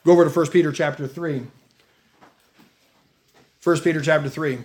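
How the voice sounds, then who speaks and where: A man's voice: a little high, steady tone, moderate pace, a little mellow. A middle-aged man preaching a sermon, reading scripture aloud with emphatic rises in his delivery. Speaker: pastor.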